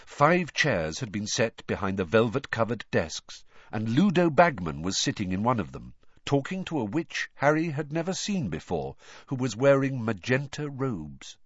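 Expressive male storyteller, lively pitch. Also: moderate pace, breathy edge, dry recording, dull audio. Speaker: audiobook reader. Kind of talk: storytelling narration.

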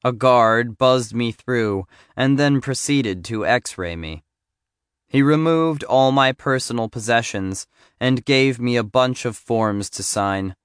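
A man narrating a first-person story in a measured, even audiobook reading. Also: medium pitch, clean tone, dry recording, clean studio sound.

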